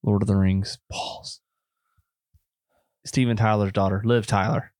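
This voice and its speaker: A man with a Southern US country accent chats loosely about films on his podcast, tossing in "bro" and "man". His voice sits somewhat low. The sound is dry and close. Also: steady tone, unhurried, darkish tone, no echo. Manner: laid-back, rambling, says bro and man. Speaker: podcast co-host. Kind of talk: casual chat.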